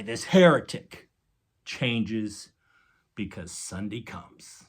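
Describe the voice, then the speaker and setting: This sermon comes from a pastor with a lowish, slow, slightly breathy voice. He retells a story with theatrical flair, voicing quotes and making sound effects, and casually talks to his audience as "guys."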